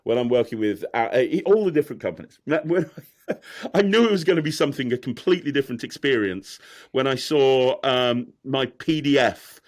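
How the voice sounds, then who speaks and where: A man's voice: mid-range voice, animated, a little fast. A man, a magician, chatting candidly in an interview, rambling and self-deprecating with frequent laughs. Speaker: magician guest. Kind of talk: candid casual interview chat.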